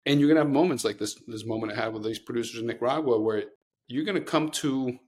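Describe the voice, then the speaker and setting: A man's voice: mid-range voice, fast, darkish tone, slightly rough. A middle-aged man co-hosting a podcast, telling long earnest stories in casual chat with many restarts. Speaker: podcast co-host.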